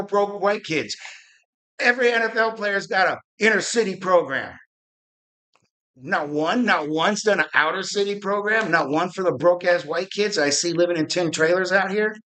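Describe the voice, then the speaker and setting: A podcast host from Arizona rants in a high, bright voice. His fired-up political tirade is profane and rambling, with frequent restarts.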